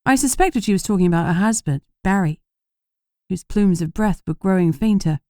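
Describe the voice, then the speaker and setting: A woman narrating an audiobook in the first person, with steady, measured reading and firm dialogue. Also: mid-range voice, no room sound, studio quality.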